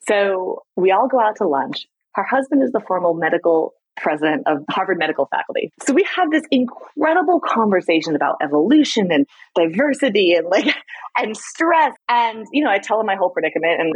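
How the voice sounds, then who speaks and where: A middle-aged woman, a podcast guest, telling personal stories in a candid, animated way, laughing often. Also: mid-range voice, a little fast, slightly rough, no echo, low-quality recording. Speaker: podcast guest, stress expert. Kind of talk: candid conversational storytelling.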